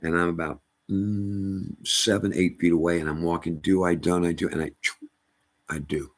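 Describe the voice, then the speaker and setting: A middle-aged man telling a personal story as testimony, halting and emphatic with many restarts. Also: low-pitched, level tone. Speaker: storyteller addressing a rabbi.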